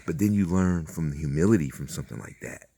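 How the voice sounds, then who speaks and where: A man's voice: extremely low pitch, animated, quick pace, gravelly, warm tone, breathy edge. A man hosting his own channel, talking in a meandering, profane monologue full of fillers and acted-out quotes. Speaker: channel host. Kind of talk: rambling spiritual monologue.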